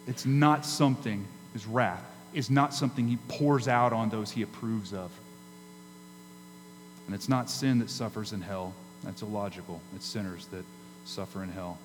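A man preaching a sermon as pastor, emphatic, with dramatic pauses and rises in his delivery. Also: mid-range voice. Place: church sanctuary. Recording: hall reverb with faint mains hum.

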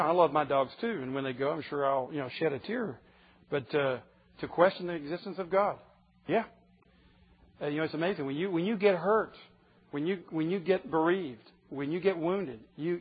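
A man's voice: a little high, slightly rough, dull audio. A man preaching a sermon, emphatic and pressing his listeners with rhetorical questions.

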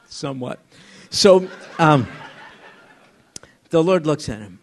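Halting man leading a Bible study. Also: fairly high pitch, expressive, gravelly, a little hiss or hum. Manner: conversational, asks the group questions; halting, restarts often. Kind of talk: informal Bible study teaching. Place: room with a small group.

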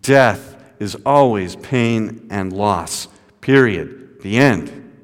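A man preaching a sermon, retelling a story dramatically, his voice dropping to a hush and then rising high. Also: lively intonation, extremely slow. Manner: dramatic, swinging from hushed to raised. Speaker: pastor. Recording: long hall reverb.

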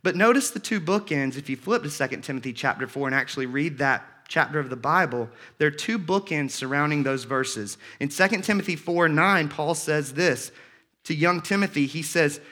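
A man preaching a sermon in a bright, somewhat high voice. He talks with earnest conviction, gains force when he reads scripture aloud, and often repeats or restarts his phrases. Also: lively intonation, normal speed. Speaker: pastor.

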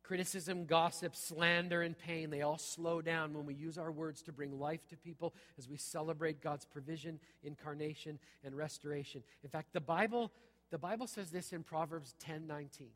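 The speaker is a middle-aged man preaching in a church sanctuary, punchy yet conversational, with "okay?" repeated throughout. His voice is fairly high and a bit bright, with fairly even intonation and a moderate pace. Long hall reverb echoes around him.

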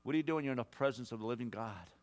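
A man's voice: mid-range voice, rapid-fire. Fervent male preacher giving prophecy. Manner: emphatic, swings between loud exhortation and hushed personal words; addresses listeners directly as son, daughter, brother. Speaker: guest preacher. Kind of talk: prophetic sermon.

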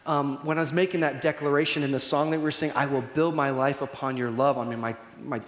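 A man leading a church series, speaking earnestly and emotionally with many halting restarts. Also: mid-range voice, steady tone. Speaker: church leader. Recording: roomy hall with long reverb.

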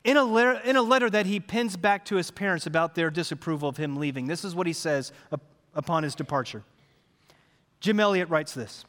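A man's voice: a little high, a little fast, a bit bright. A man in his thirties preaching a sermon, telling a family story animatedly before building to emphatic preaching. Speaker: pastor. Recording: long reverb of a large hall.

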